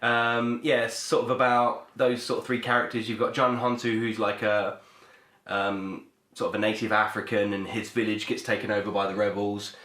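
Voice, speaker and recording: A man's voice: fairly low pitch, little pitch movement, moderate pace, a bit bright. A young British man co-hosting a podcast, chatting casually about films with lots of ums and restarts. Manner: rambling, hesitant, full of ums and restarts. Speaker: podcast co-host. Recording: echoey room.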